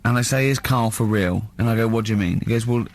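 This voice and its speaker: A man's voice: mid-range voice, fast, slight background noise. An English man hosting a comedy radio show, telling stories in a teasing, giggly way. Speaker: radio host. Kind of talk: casual comedy radio chat. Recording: radio studio.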